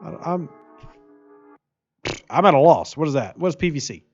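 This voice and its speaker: A man's voice: a little high, animated, normal speed, darkish tone, lo-fi sound, soft background music. A man streaming a mobile game, chatting casually and jokingly while reading viewer comments aloud. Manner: chatty, jokey, laughs often, reads viewer comments aloud. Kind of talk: casual live-stream chat while playing.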